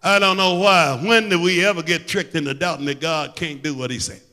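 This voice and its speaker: A man with a Midwestern American accent preaches with fervor, his high, sharply bright voice ringing through a church sanctuary with long reverb. He swings from quiet, intimate asides to full-throated shouting. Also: fairly even intonation, fairly quick. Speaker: pastor. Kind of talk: sermon.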